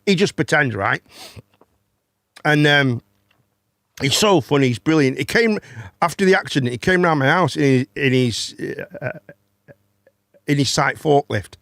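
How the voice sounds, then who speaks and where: A man's voice: a little high, animated, measured pace, long pauses, a bit bright, no echo, clean studio sound. A man, hosting a casual chat and telling a long story, rambling, swearing and repeating words. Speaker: host.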